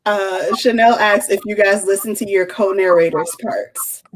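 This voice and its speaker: Playful woman panel host, mid pitch, faint background hiss. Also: unhurried, rough recording. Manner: playful, reads audience questions. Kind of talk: casual panel chat.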